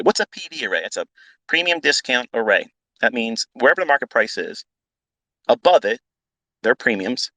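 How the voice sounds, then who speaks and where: A man's voice: mid-range voice, a bit bright, dry recording, poor audio. A man teaching trading as a mentor, ranting bluntly with heavy swearing and repetition. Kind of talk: unscripted profane rant.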